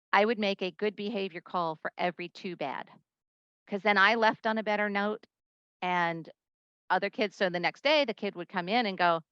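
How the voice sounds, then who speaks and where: Gravelly-voiced woman presenting a talk. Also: mid-range voice, no echo, highs cut off. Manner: lively storyteller, acts out quoted voices. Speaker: conference presenter. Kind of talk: conference talk.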